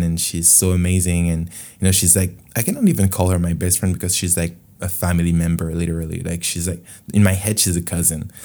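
A man's voice: low-pitched, mellow. A man from France with a French accent, hosting a casual podcast monologue in a rambling, candid way. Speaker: podcast host.

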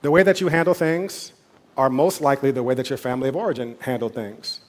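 A man preaching a sermon as pastor, talking in a conversational way with asides and quick quoted voices. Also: mid-range voice.

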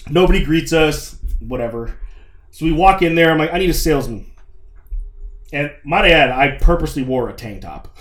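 A man's voice: a little high, normal speed. Young guy telling a story, swears a lot, acts out quotes, roomy echo. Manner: animated, profane, acts out quotes. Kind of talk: casual storytelling. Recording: echoey room.

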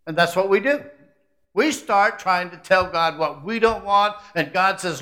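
A middle-aged male pastor delivers a sermon at a measured pace, his voice sitting high. He builds to loud climaxes, then drops into quiet, intimate asides.

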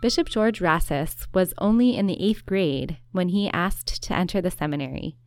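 A woman narrating a documentary in a clear, even, scripted way. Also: lowish voice, moderate pace.

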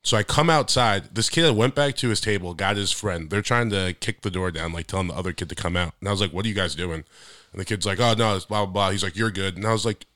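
Fast-talking animated young man. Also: no echo, studio quality. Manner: animated storyteller, gets loud and high when worked up. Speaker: podcast co-host. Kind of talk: casual chat.

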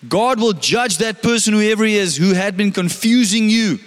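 A man's voice: sits high, moderate pace, in a large hall. A male pastor preaching a sermon in a conversational way, often putting questions to the congregation.

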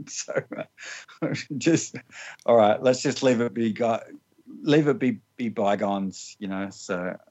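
A man's voice: lowish voice, slow, pauses often, darkish tone, highs cut off. A man telling funny personal stories in a loose, rambling way, laughing often and filling with "like". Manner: rambling, laughs often, many fillers and restarts. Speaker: interview guest. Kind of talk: casual storytelling.

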